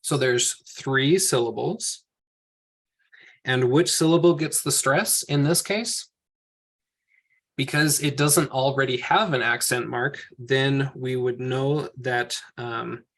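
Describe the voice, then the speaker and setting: A man's voice: mid-range voice, fairly even intonation, takes it slowly, a bit bright. A man teaching a group language lesson, explaining patiently step by step and correcting himself as he goes. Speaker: Hebrew teacher.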